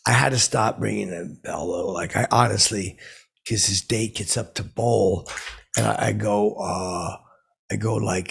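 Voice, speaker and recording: A man's voice: on the low side, a bit bright. A man hosting his own podcast, telling boastful comic stories in a meandering way with lots of fillers. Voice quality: gravelly, raspy. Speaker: podcast host. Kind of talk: rambling comic storytelling.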